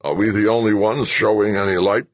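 A man voicing a cranky, failing old general who speaks slowly in a slurred, croaking voice. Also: deep voice, expressive, dry recording, full character voice. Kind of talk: audiobook character voice.

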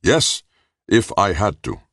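A man voicing a bold, defiant alien tribesman in an audiobook, in a louder, raised voice. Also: on the low side, expressive, moderate pace, no echo, clean studio sound, voice pushed up.

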